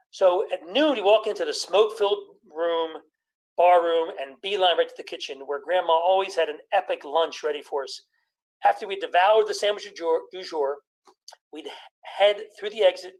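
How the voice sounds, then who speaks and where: A man in his sixties doing a stand-up comedy routine, telling stories about his childhood with quick jokes and impressions of his family. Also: high-pitched, low-quality recording.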